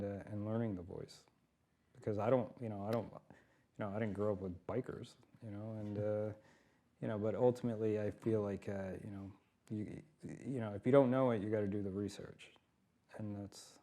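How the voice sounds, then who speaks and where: A man's voice: lowish voice, warm tone. A man, a TV writer, speaking on a conference panel, hesitant with many fillers. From Japan. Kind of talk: panel discussion. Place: conference stage.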